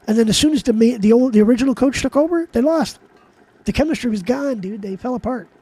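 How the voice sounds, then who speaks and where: A man's voice: very high-pitched, fast, dark tone, husky, dry recording. A man streaming live, ranting in a heated, profane, rambling way to his chat. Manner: rambling with frequent restarts. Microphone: desk mic while gaming.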